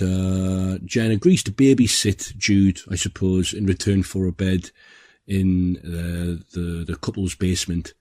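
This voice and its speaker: Low flat guy on a film podcast, lots of ums, measured. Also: no echo, clean studio sound. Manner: measured, hesitant with many ums. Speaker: podcast co-host, film critic. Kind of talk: casual film discussion.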